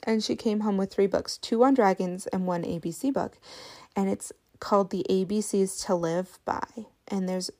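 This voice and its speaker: A woman's voice: mid-range voice, steady tone, normal speed, a little mellow. A woman in her thirties hosting a podcast, telling funny stories in a casual, chatty, self-deprecating way. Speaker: podcast host.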